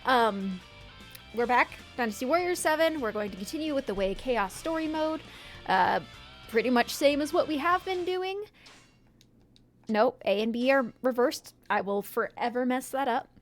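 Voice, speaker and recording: A woman's voice: sits high, expressive, normal speed. A woman streaming a video game with chatty, giggly, self-mocking casual commentary. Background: faint background music.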